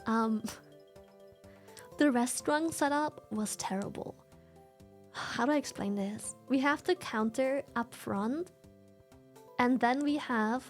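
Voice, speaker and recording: A woman streamer chatting casually, telling a story in an animated, profane way and laughing often. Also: high-pitched. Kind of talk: casual livestream chat.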